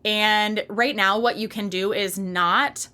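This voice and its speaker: A woman in her thirties speaks straight to her listeners in a solo podcast monologue. Her voice is bright and forward, and her delivery is emphatic, candid and fired up. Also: medium pitch, steady tone, slow pace. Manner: passionate, emphatic, candid with casual swearing. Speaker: podcast host and fitness coach.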